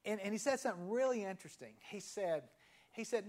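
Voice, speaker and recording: A man in his fifties preaching a sermon as a pastor, telling a story in a conversational way and letting key phrases sink to a hushed near-whisper after pauses. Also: high-pitched, animated. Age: 50s.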